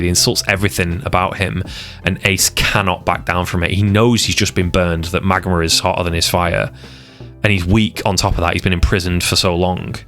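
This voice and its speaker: A man with a very deep, low voice talks through a casual stream in a passionate, rambling way. He keeps restarting and repeating words as his thoughts run ahead. Soft music plays quietly behind him. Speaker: streamer discussing anime arcs. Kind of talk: casual unscripted commentary.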